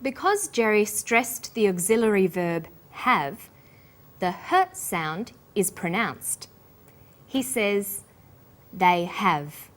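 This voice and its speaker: An Australian woman hosts an English lesson in a scripted, teacherly delivery. She speaks at a deliberately slow pace, spelling out each sound with careful precision at a middle pitch. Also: sing-song. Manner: slow, careful, clearly enunciated.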